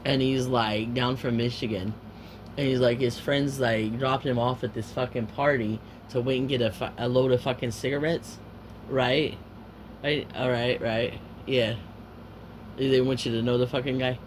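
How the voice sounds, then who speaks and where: A man's voice: mid-range voice, background noise. A man telling a rambling, profane anecdote, full of filler words and trailing asides.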